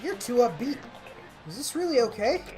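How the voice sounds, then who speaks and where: A man voicing a rattled young man who exclaims loudly. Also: very high voice, very animated, normal speed, over music, pitched above the performer's own voice. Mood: alarmed. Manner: yelping, exclaiming.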